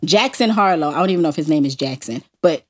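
A woman's voice: deep voice, lively intonation, fast talker. A woman from Harlem with a thick New York accent, co-hosting a podcast and ranting emphatically in casual chat. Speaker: podcast co-host.

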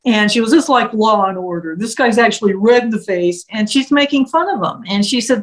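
A woman's voice: mid-range voice, a little fast, few pauses, rough recording. A woman casually telling a story, retelling events vividly and briefly slipping into the voices of the people she quotes. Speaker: storyteller recounting a case.

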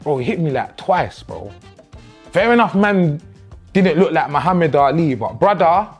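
A man, telling the story of his own boxing match in a slangy, animated, self-mocking way. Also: a little high, moderate pace, husky, faint music behind. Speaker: boxer reviewing his own fight. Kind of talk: casual storytelling commentary.

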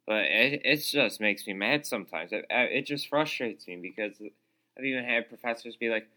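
A young man hosts a solo podcast and rants about his week in a casual, exasperated way, full of fillers and sarcastic asides. His voice sits a little low but comes across bright and forceful. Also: animated, a little fast. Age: young adult. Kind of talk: casual ranting monologue. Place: small room, calls it his studio.

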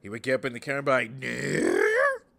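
A young adult man hosting a casual monologue, rambling and relaxed with many fillers. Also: medium pitch, rapid-fire. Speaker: host.

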